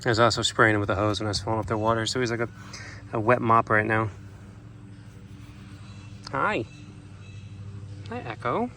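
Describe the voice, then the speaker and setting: A man's voice: medium pitch, moderate pace, gravelly, pauses often, bright, forceful tone, a little hiss or hum. A man who keeps an animal sanctuary, chatting casually to his birds and pigs outdoors, coaxing and scolding them in a playful baby-talk way, recorded on a handheld phone. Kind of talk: casual vlog talking to animals. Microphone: phone held in hand.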